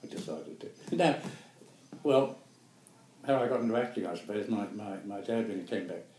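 A man's voice: lowish voice, normal speed, warm tone, roomy sound, slight background noise, rough recording. Elderly New Zealand man, rambling. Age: 80s. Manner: rambling, chuckling, self-correcting. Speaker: guest actor. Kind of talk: reminiscing interview.

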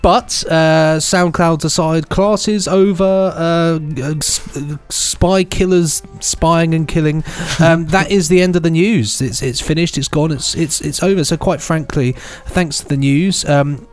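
A man's voice: fairly high pitch, steady tone, measured pace, few pauses, clean tone. A man co-hosting a podcast, chatting casually in a jokey, rambling way and laughing often. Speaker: podcast co-host. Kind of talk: casual chat.

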